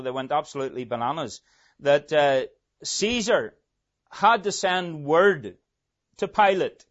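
Male preacher delivering a dramatic sermon, loud emphasis then hushed asides, unhurried, muffled lo-fi sound. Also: on the high side. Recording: dull lo-fi recording.

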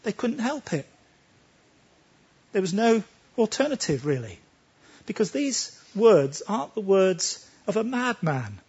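A man's voice: high voice, sing-song, a little slow, pauses often, a little mellow, breathy edge, dull audio. A man preaching a sermon, talking emphatically and pressing his listeners with rhetorical questions.

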